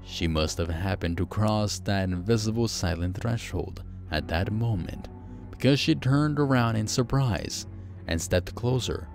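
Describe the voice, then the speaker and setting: A man narrating a first-person horror story, slow, hushed and suspenseful. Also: fairly low pitch, creaky, faint music behind.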